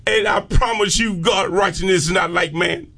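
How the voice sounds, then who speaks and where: Fervent high-voiced preacher, shouting peaks. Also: male voice, moderate pace, slightly rough. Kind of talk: sermon.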